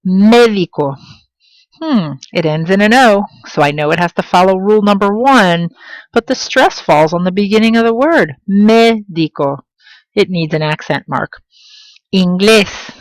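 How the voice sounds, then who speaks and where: A woman teaching a Spanish lesson in English, slowing down to pronounce example words with clear stress. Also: medium pitch, lively intonation, no room sound, low-quality recording. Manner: slow, emphatic pronunciation of example words. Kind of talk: classroom lesson.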